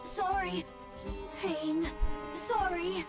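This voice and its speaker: A woman voicing a small, broken, childlike robot that speaks in halting single words with a thin, glitchy sound. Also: very high voice, steady tone, full character voice. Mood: pleading. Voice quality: thin, clipped, glitchy single-word cries. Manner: repeats one word at a time, halting. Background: game music.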